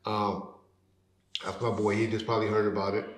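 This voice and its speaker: A man telling a story as an interview guest, casual and slangy, acting out other people's lines loudly and trailing off into low mutters. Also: brisk. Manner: animated, acts out quotes loudly; slangy, drops to a mutter at ends of phrases. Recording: roomy echo.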